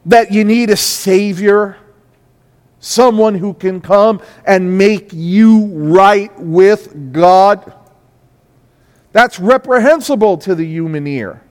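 A man preaching a sermon with emphasis, repeating his phrases and rising to loud peaks. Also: high-pitched, clear, resonant tone. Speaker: pastor. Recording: echoey hall.

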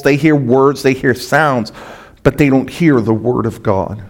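A man's voice: mid-range voice, measured pace. A man preaching an expository sermon as a pastor, earnest and emphatic, with rhetorical asides to the congregation.

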